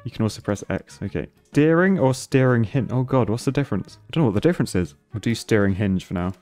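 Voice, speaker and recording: Excitable man streaming a game. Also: medium pitch, fast talker, faint music behind. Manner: excitable, laughs often, thinks aloud. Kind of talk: casual gameplay commentary.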